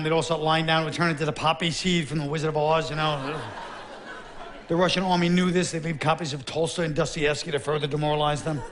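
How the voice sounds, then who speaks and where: A middle-aged man does stand-up on a stage mic, sardonic and blunt, with gruff quick asides. His voice sits fairly high for a man. A faint hiss of noise runs under the recording. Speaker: stand-up comedian. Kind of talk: stand-up comedy monologue. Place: theater stage with a live audience. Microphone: stage microphone.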